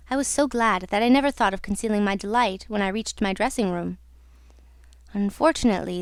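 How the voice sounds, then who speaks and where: A woman's voice: medium pitch, dry recording, clean studio sound, lightly acted. A woman reading an audiobook, voicing a young female opera singer who confides her story in an earnest, wistful way. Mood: confiding.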